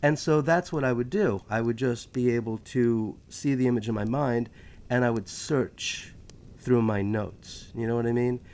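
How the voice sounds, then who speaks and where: A man's voice: mid-range voice, normal speed, a little mellow. A man with a New York accent, hosting his history channel in a chatty, joking monologue full of self-aware asides. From New York City. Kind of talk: casual rambling monologue.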